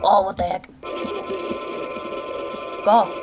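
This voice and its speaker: A woman giving let's play commentary, excitable, squealing and shouting at the game as she plays. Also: fairly low pitch, slow pace, pauses often, music in the background, low-quality recording. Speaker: gameplay commentator.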